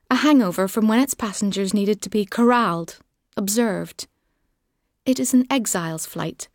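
A woman narrating an audiobook in a measured, wry way. Her voice sits mid-range, and the booth sound is dry and close. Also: medium pitch, a little mellow, no echo. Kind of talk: literary second-person narration.

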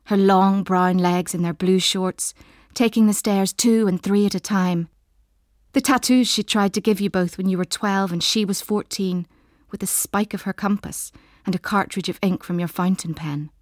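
A woman narrating a literary audiobook in a slow, measured, intimate and soft way. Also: mid-range voice, fairly even intonation, no room sound, clean studio sound.

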